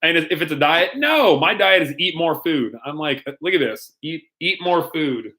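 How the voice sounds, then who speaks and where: A man's voice: fairly high pitch, expressive, moderate pace, pushed and bright. Playful young man hosting a youth Q&A. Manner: playful, rambling, laughs often, lots of ums. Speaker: youth pastor. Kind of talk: casual live-stream Q&A.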